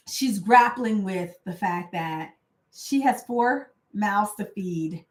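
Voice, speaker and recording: A woman's voice: medium pitch, lively intonation, takes it slowly, reverberant. A woman coach talking casually and with passion, full of fillers and rising indignation. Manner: passionate, conversational, many fillers. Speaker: coach and host. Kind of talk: casual motivational talk.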